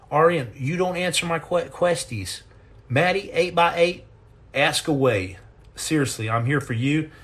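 A man's voice: a little high, animated, unhurried, a bit bright. Rambling, jokey man telling stories on a live chat. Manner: rambling, jokey storyteller with many repeated restarts. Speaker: podcast host answering live chat. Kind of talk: casual livestream chat.

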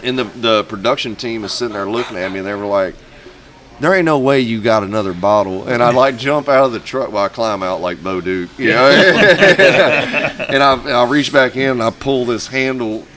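A man, a guest singer-songwriter, telling a lively anecdote in casual chat, laughing often and acting out other people's voices. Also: medium pitch, normal speed. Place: bar venue with a crowd. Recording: bar crowd noise behind. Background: bar crowd chatter.

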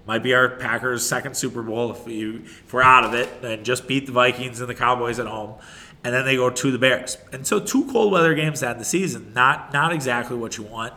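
A man's voice: mid-range voice, sharp tone. A man hosting a casual solo sports podcast, rambling and opinionated, often restarting his sentences and swearing.

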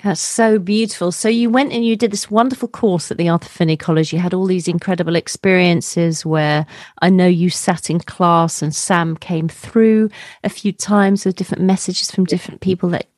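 A woman's voice: on the low side, fairly even intonation, normal speed, darkish tone, dry recording, studio quality. A woman interviewing a guest, affirming and prompting her stories. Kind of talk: interview questions.

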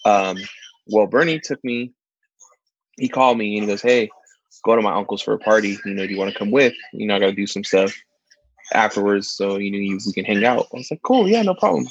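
A man co-hosting a casual chat, telling stories with lively, much higher put-on voices for the people he quotes. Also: fairly quick, no echo, muffled recording. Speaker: podcast co-host, church ministry worker.

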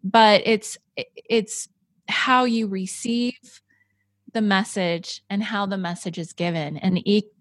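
A woman's voice: medium pitch, fairly even intonation, takes it slowly, dry recording, clean studio sound. A woman hosting a conversation, chatty and enthusiastic, with lots of "like" and "right". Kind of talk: casual conversation.

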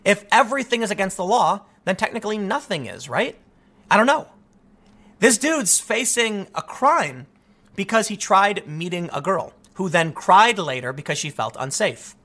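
A man's voice: high-pitched, big pitch swings, moderate pace, pushed and bright. A man ranting through an opinion monologue as a commentary host, exasperated and full of rhetorical questions. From United States.

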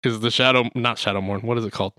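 Male podcast host, bright, lively, profane storyteller, dry close sound. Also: mid-range voice, racing, no echo. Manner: animated, swears, acts out quotes in exaggerated voices. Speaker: podcast host recapping a movie. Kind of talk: casual chat.

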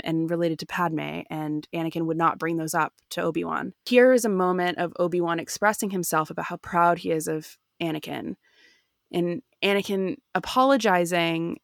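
A woman chats eagerly on a podcast and works through her ideas as she goes. Her voice is low and gravelly. The recording is close and dry. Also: no echo. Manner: enthusiastic, thinks aloud. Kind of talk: casual discussion.

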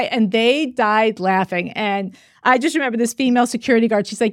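A woman hosting a podcast, chatting casually and telling stories with lively acted-out quotes. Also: fairly high pitch, fairly quick, few pauses, no echo, clean studio sound. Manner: animated storytelling, acts out quoted voices. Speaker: podcast host. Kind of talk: casual chat.

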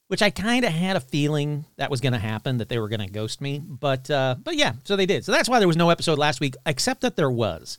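A man hosting a paranormal podcast in a casual, chatty way, reading shout-outs and joking with himself. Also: a little high, brisk, no echo, clean studio sound. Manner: chatty, animated, talks to himself. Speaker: podcast host.

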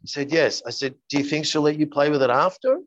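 A man's voice: on the high side, quick pace, dull audio, a little hiss or hum. A man speaking as an interview guest, earnestly telling stories and acting out the dialogue in them. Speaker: guest, coach. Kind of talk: interview storytelling.

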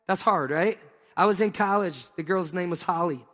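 A man preaching a sermon with a notably high voice, full of lively, playful storytelling. He acts out scenes with exclamations as he talks. His words ring out with the long reverb of a large hall. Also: normal speed. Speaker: pastor. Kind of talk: sermon with humorous personal storytelling.

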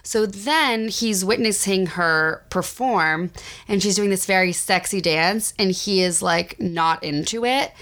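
A woman co-hosting a podcast, recapping a film in casual chat, animated and laughing often, slipping into quoted voices. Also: medium pitch, a little slow. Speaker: podcast co-host.

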